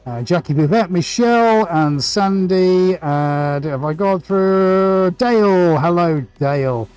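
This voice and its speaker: A man's voice: high voice, slow, clear, resonant tone, rough recording. Chatty guy painting on a livestream, upbeat, greeting everyone, bit of music in the back. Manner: energetic, chatty, greets viewers by name. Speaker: artist hosting a live stream. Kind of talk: casual live-stream chat while painting.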